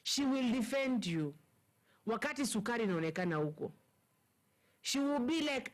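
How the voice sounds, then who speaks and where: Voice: medium pitch, expressive, moderate pace, pauses often. Kenyan co-host chiming in. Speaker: co-commentator. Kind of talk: casual political chat.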